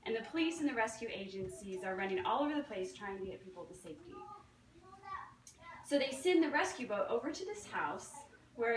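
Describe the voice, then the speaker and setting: A young woman giving a nervous testimonial at a meeting, telling a story with many ums and acting out quoted voices. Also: fairly high pitch. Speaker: testimonial speaker. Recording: echoey room, recorded from far off.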